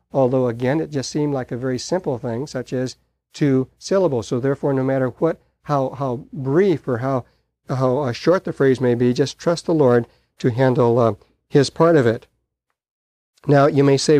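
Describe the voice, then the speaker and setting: A man preaching a sermon, telling stories in a halting way with many pauses and fillers. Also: mid-range voice, mellow, dry recording. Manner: halting storyteller, frequent uh fillers.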